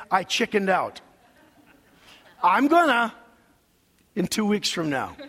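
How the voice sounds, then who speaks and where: A man's voice: sits high, fairly bright tone, long reverb tail. A male pastor preaching a sermon, emphatic and preacherly, leading his congregation in call-and-response.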